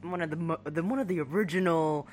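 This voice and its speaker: A woman's voice: sits low, fast, darkish tone, slight background noise. A woman co-hosting a casual podcast chat, giggling a lot and trying out silly voices. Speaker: podcast co-host.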